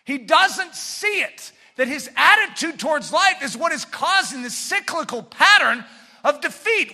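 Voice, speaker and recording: A man preaching a sermon with fervent delivery, swinging between shouted points and quiet asides. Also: very high voice, very animated, measured pace, long reverb tail.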